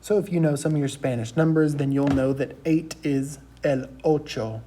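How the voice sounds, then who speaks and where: Male teacher, young adult, mellow tone, patient repetitive lecture delivery into a computer mic. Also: fairly high pitch, slight background noise. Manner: slow, patient letter-by-letter drilling with repetition. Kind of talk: recorded class lecture.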